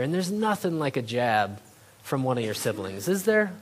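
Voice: mid-range voice, animated, a little fast. A preacher giving a sermon, retelling a scripture story in plain everyday terms and asking the audience rhetorical questions.

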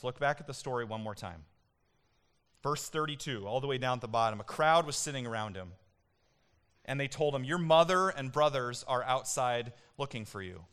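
A male pastor with a slightly high, sharp voice preaches a sermon in a church. He speaks emphatically and builds to impassioned peaks when voicing God.

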